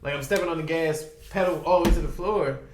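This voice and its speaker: A man's voice: on the high side, quick pace, echoey room, noisy background. A man from Baltimore, a podcast guest telling a long, profane, rambling story packed with quoted dialogue. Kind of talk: casual storytelling. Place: podcast studio.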